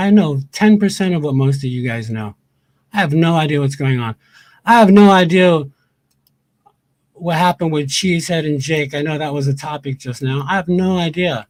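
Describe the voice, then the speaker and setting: A male livestreamer in a heated rant, his voice sitting a little high for a man. He swears freely and hammers the same lines again and again, angry and indignant. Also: dry recording. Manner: angry, profane, repeats himself.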